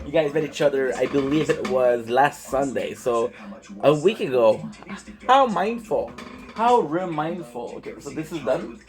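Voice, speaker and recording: A man's voice: mid-range voice, lively intonation, measured pace, crowd noise, rough recording. Man rambling through a casual live stream. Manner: rambling, chatty, swears freely, greets viewers. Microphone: phone.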